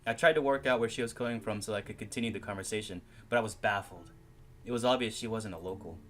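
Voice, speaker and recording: A man reading a visual novel game aloud, with giggly, excitable asides and frequent laughter. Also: on the low side, fast, a little hiss or hum.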